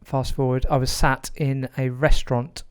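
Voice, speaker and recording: A man's voice: medium pitch, flat delivery, normal speed, clean tone. Reflective man telling a story. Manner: hesitant, many fillers and restarts, reflective. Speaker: podcast guest. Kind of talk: conversational storytelling.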